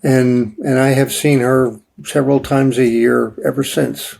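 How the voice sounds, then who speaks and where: An older man telling his personal story as an interview guest, halting with many restarts and fillers. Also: mid-range voice, fairly even intonation, vocal fry, darkish tone.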